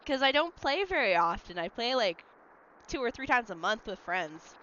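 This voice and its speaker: Chatty streamer with a lively, bright voice. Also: medium pitch, moderate pace, long pauses. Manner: rambling, chatty, answers chat messages. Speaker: livestreamer. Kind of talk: casual stream chat while gaming. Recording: slightly dull lo-fi mic. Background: faint game music.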